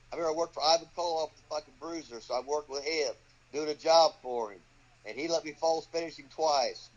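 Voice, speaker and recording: An older man tells a rambling, profanity-filled story, his voice sitting a little high for a man. He slips into the voices of the people he quotes. The recording is dull and muffled. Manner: swears constantly, acts out quoted voices. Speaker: guest, wrestling trainer. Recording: dull lo-fi audio.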